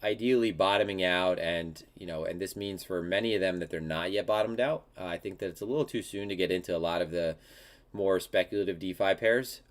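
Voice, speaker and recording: Congested guy with a really low voice, hosting a live crypto markets show, lots of ums and restarts. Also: brisk. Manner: casual, many fillers and restarts.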